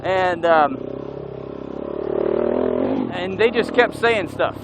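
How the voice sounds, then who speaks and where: A man's voice: sits high, extremely slow, very noisy. A man vlogging as he rides an off-road motorcycle trail, telling a long story and whooping now and then. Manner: animated, whoops and yells while riding. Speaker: motovlogger. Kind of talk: storytelling while riding.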